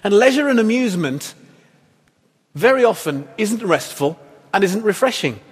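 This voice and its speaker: A man's voice: sits high, sing-song, moderate pace, slightly rough. A man preaching a sermon as pastor, in a conversational, wry style full of rhetorical questions. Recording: echoey hall reverb.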